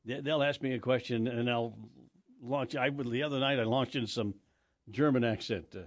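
A man's voice: mid-range voice, fairly even intonation, normal speed. An older man hosting a morning radio show, telling rambling stories with frequent restarts and easy laughs. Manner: rambling, self-interrupting storyteller who laughs easily. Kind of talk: casual radio banter. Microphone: studio microphone.

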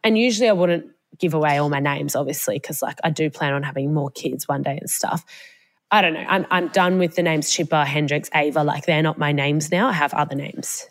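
A young Australian woman with a low voice chats through a long personal story as a podcast co-host. She rambles along with plenty of "like" and the odd swear word, in a relaxed, open way. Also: brisk. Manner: chatty storytelling, swears freely, lots of "like". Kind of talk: casual chat. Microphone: podcast mic, remote call.

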